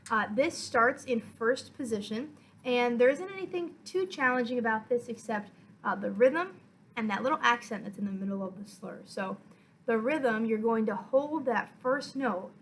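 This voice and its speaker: A woman violin teacher giving a patient, step-by-step lesson, counting beats aloud and filling pauses with "uh" and "um". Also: a little high, expressive, a little hiss or hum, rough recording. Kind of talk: online music lesson.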